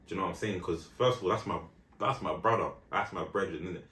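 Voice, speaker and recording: Young man, animated storyteller. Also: low voice, quick pace, echoey room. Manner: animated storytelling, London slang, many "do you know what I'm saying" asides. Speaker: podcast co-host. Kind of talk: casual chat.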